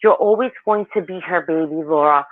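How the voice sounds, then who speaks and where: A woman in her forties rambles candidly through her stories, her tone lively and frank. She comes through a thin, tinny phone line with a dry, close sound. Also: fairly low pitch, brisk, no room sound. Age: 40s. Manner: rambling, candid, animated storytelling. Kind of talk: casual chat.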